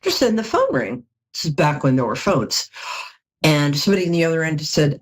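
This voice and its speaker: Woman tarot reader, middle-aged, lowish husky voice, animated call-in host. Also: fairly quick. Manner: chatty and animated, jokey storytelling asides. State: tired from lack of sleep. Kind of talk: live call-in show tarot reading.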